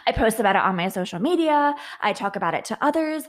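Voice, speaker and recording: A woman podcaster and confidence coach speaks in a reflective, personal monologue. Her voice sits a little high, and she is open and earnest. She often doubles back and repeats words as she works through her thoughts. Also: big pitch swings, quick pace.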